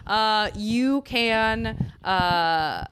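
A woman's voice: mid-range voice, drawn-out words, a bit bright, slight background noise. A woman hosting a podcast, chatting playfully and laughing often as she runs a casual interview game. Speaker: podcast host.

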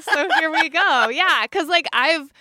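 Bright-voiced high woman, dry mic. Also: animated, unhurried, dry recording. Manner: frank, swears casually, many fillers. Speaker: podcast co-host. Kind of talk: casual chat.

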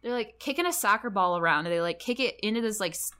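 A woman's voice: medium pitch, animated, fast, a crowd in the background. A woman co-hosting a podcast in casual chat, rambling with lots of "like" and frequent laughter. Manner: rambling, heavy on "like", laughs often. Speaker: podcast co-host.

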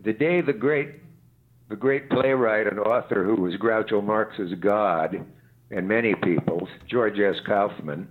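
An older man with a fairly low voice tells unhurried anecdotes, dropping dry and wry jokes as he goes. He is calling in from his home, and his voice comes through a thin, phone-like line. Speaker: guest expert. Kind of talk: anecdotal storytelling. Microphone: video call. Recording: tinny internet call line.

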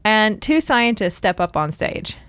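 A woman's voice: medium pitch, sing-song, a little slow, fairly bright tone, clear, resonant tone, dry recording. A woman doctor co-hosting a podcast, telling history in a chatty, laughing way. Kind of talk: casual storytelling chat.

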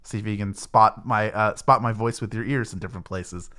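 A man's voice: lowish voice, steady tone, brisk, bright, forceful tone. A man hosting a podcast, joking and wrapping up the episode in a casual chat. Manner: jokey, wraps up the show. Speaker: podcast host.

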